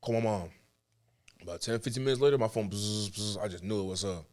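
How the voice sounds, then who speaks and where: A man's voice: on the low side, quick pace. Young man, from New York, podcast guest, storytelling, acts out dialogue. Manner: animated, tells stories with acted-out dialogue. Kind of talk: casual storytelling.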